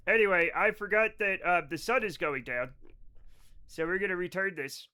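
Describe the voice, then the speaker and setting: High-voiced excitable male streamer. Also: moderate pace, smooth. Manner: excitable, joking, swears, laughs often. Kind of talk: live gameplay commentary.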